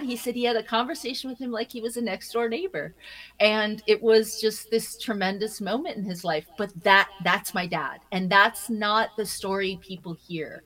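A woman being interviewed, telling stories in an animated way, often laughing and repeating her first words as she starts a thought. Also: mid-range voice, normal speed, poor audio. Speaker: interview guest. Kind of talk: casual interview conversation.

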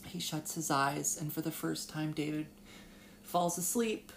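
A young woman hosting a solo casual talk, halting and filler-heavy, and tearful as she talks. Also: low-pitched, fairly even intonation, vocal fry, slight background noise. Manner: halting, with many fillers and restarts. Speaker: podcast host.

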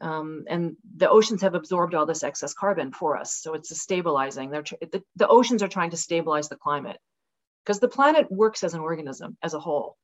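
A woman's voice: deep voice, fairly quick, rough recording. A woman in her sixties, a podcast guest on a video call, talking passionately and acting out quotes as she tells stories. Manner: passionate, animated storytelling with dramatic acted-out quotes. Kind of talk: casual conversational interview. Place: rural home with dogs.

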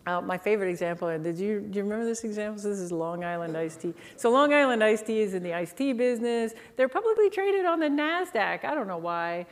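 A woman's voice: mid-range voice, expressive, quick pace, few pauses. A middle-aged woman from Canada giving a storytelling keynote on market positioning. She acts out the people in her anecdotes.

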